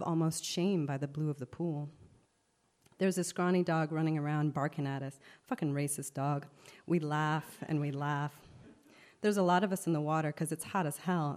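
Woman, spoken word poet, low voice, rhythmic, voices crowd lines. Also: a little mellow.

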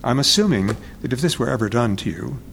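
A man being interviewed as an author, speaking in a halting, reflective way and often searching for words. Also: medium pitch, lively intonation, creaky, fairly bright tone, slight background noise.

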